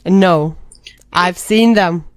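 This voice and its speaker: Deadpan woman, dry close-miked co-host. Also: fairly low pitch, extremely slow, no room sound. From Albania. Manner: deadpan, dry humor, hesitant fillers. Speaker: podcast co-host. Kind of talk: casual chat.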